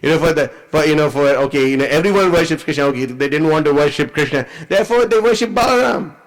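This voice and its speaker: Animated man retelling scripture. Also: on the high side, fast, rough recording. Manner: animated, conversational, many fillers. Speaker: preacher. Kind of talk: scripture class storytelling.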